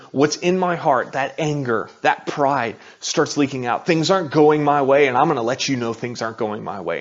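Brief: middle-aged male pastor, conversational sermon, mid-pitched voice, slightly dull recording. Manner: conversational, confessional preaching with rhetorical asides.

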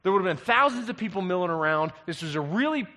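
Brief: male pastor, lively sermon delivery, slightly higher voice, long hall reverb. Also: fast talker. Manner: animated storyteller, swings from loud to hushed.

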